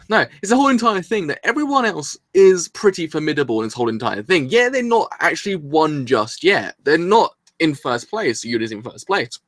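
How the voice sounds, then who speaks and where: A rambling, excitable man reacts live from his room, his voice a touch higher than most and slightly sore in the throat. He swears casually as he talks. The sound is close and dry, with no room echo. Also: normal speed, few pauses. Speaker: anime reviewer.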